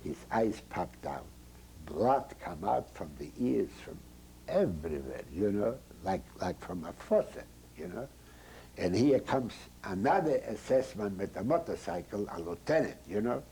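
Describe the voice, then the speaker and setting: An older man giving oral history testimony in halting, broken English that slips into German phrases. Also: on the low side, sing-song, mellow, a little hiss or hum, poor audio. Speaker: Holocaust survivor giving testimony.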